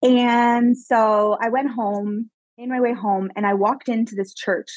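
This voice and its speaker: A woman from Canada, a guest telling her life story in a podcast interview, animated and emphatic, with many casual "like" fillers. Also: fairly high pitch, a little slow, no echo, rough recording. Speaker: guest, psychic medium mentor.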